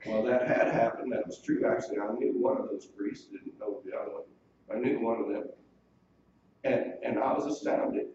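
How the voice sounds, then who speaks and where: A man's voice: on the low side, fairly even intonation, moderate pace. A male pastor preaching a sermon, earnestly explaining scripture and quoting it in old wording. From United States. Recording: distant mic in a very echoey room, dull lo-fi sound, faint hiss.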